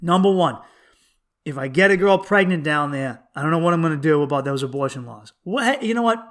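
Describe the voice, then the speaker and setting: Animated, high-voiced man telling stories. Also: fairly quick. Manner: animated, profane, jumps to high excited pitch when riled. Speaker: podcast host and comedian. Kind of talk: casual solo podcast storytelling.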